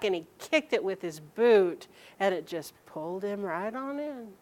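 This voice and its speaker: A woman telling a personal story aloud, halting and restarting sentences and acting out the people she quotes. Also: mid-range voice, expressive, a little mellow.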